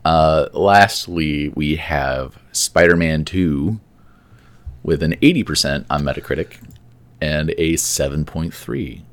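A man with a very low, deep voice chats casually on a podcast. He reads ratings off a list, adding dry asides and frequent uhs. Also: takes it slowly. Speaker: podcast co-host. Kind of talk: casual chat.

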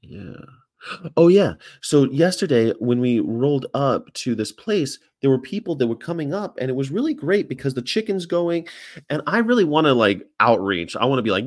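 A man's voice: medium pitch, big pitch swings, normal speed, dry recording. A man, a vegan activist, chatting casually and animatedly, with profanity and funny impressions of people. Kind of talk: casual chat. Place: Charlotte, North Carolina.

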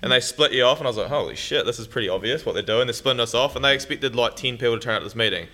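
A man's voice: mid-range voice, rapid-fire, pushed and bright. A young man with a New Zealand accent telling a blunt, swearing, laughing story to an audience. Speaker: farmer speaker.

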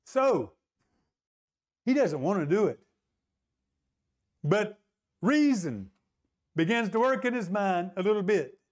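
A man's voice: high-pitched, big pitch swings, takes it slowly, long pauses. A male pastor preaching a sermon in a conversational way, often asking the congregation to agree.

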